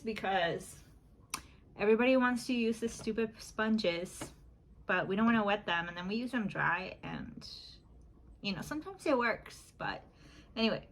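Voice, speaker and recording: A woman's voice: on the high side, measured pace, a bit bright, slight background noise, poor audio. A woman in her thirties chatting casually at home as she does her makeup for a beauty vlog, rambling and laughing often, recorded on a phone camera. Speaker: YouTube beauty vlogger. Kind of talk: casual chat while doing makeup. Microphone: phone back camera.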